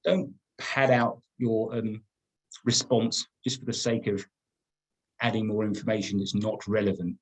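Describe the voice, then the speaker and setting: A man's voice: on the low side, fairly even intonation, measured pace, poor audio. A middle-aged man teaching a business-writing webinar, emphatic and often repeating words as he restarts. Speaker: business trainer.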